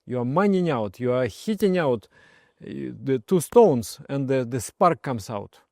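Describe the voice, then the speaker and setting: Male meditation teacher, gentle storyteller, medium pitch, dry recording. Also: lively intonation, a little slow, creaky, no room sound. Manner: soft-spoken, often trails off quietly, laughs while telling stories. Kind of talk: personal story and spiritual advice.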